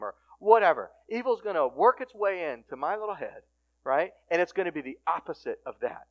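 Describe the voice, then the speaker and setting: High-voiced man preaching with swings in volume. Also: brisk, lo-fi sound. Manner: animated, swings from hushed to loud emphatic; casual conversational phrasing with restarts. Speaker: recovery ministry speaker. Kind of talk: sermon.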